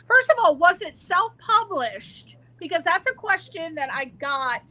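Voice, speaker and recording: A woman hosting a radio interview, gushing and exclamatory, often pausing on fillers. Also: very high-pitched, big pitch swings, sharp tone, poor audio. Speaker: radio show host. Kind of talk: interview chat.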